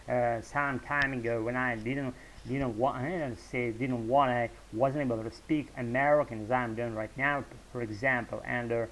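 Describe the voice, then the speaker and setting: A man from Russia with a Russian accent, speaking English as a second language in a casual, halting monologue to camera, full of fillers and restarts. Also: medium pitch, fairly bright tone, slight background noise, poor audio. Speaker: English-learning vlogger. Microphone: talking-head camera.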